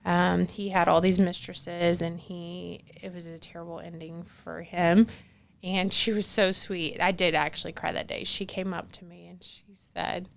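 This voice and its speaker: A woman, in her forties, telling a personal story as a podcast guest in an animated, chatty way with lots of fillers. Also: lowish voice, moderate pace, creaky. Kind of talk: casual conversational storytelling.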